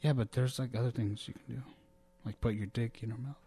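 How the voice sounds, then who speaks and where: A man co-hosting a podcast, talking in a crude, profane, animated way with lots of stammered restarts. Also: mid-range voice, fairly quick, breathy edge. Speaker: podcast co-host. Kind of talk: crude casual chat.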